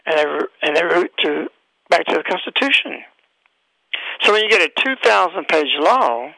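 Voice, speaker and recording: A man's voice: high-pitched, creaky, pushed and bright, no echo, poor audio. A man hosting a radio talk show, delivering an emphatic, preachy monologue full of rhetorical questions.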